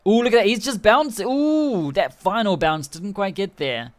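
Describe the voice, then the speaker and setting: Male streamer, higher register, chatty and excitable play-by-play. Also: normal speed. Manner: excitable, chatty, laughing often. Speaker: game streamer. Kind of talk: live game commentary.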